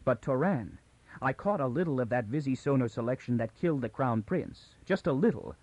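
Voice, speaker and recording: A man's voice: mid-range voice, expressive, brisk, darkish tone, no echo, highs cut off, natural voice. A man voicing a tense, frightened young woman. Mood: urgent, tense. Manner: urgent, rising, near hysterical. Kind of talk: audiobook character reading.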